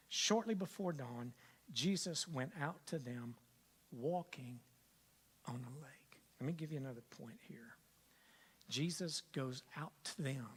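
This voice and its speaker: Older man, pastor, sermon, slightly high voice, booming then whispering, repeats phrases. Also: breathy edge. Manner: swings from loud emphatic preaching to hushed whispers; repeats key phrases for emphasis.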